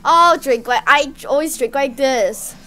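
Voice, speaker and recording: A woman's voice: sits high, a little slow, bright, forceful tone. A woman co-hosting a casual gameplay chat, playful and repeating herself. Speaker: gaming channel co-host.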